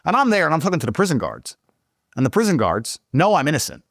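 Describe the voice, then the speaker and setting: Man, casual storytelling, swearing, lively swooping pitch, dry close sound. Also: fast, no room sound. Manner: profane, indignant, animated. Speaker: guest storyteller.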